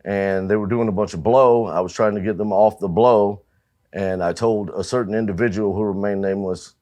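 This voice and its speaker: A man's voice: on the low side, fairly even intonation, a little fast, warm tone. A man, a musician guest, chatting casually in an interview and swearing freely as he tells stories about touring. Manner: profane, storytelling, laughs at own anecdotes.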